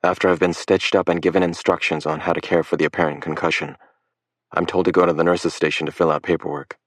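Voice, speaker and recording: Deep-voiced male narrator, measured first-person read, dry close recording. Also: level tone, no echo. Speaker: audiobook narrator.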